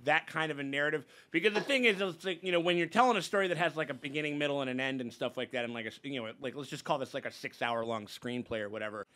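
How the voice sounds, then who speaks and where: A man's voice: mid-range voice, rapid-fire, hardly any pauses, bright, forceful tone. A man hosting a casual reaction show, talking in a rambling way with many restarts and some swearing. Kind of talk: casual chat.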